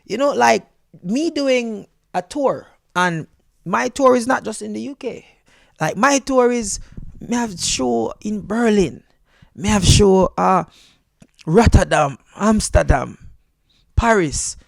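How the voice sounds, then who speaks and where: A Jamaican man, a comedian, chatting in an interview, animated, switching between accents and laughing often. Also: high-pitched, slow, creaky, pauses often, no echo. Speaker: comedian guest. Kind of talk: casual interview chat.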